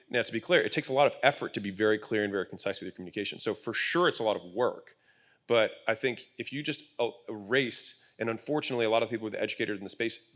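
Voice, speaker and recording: On an event stage before a live audience, a man with a lowish, fairly bright voice speaks in a conversational panel talk at a business event. He lays out his ideas bluntly and emphatically, swearing casually.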